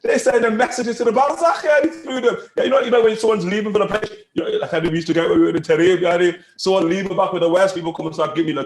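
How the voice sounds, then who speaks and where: A man giving an animated religious lesson, acting out voices and laughing often as he teaches. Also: high voice, quick pace, few pauses, echoey room.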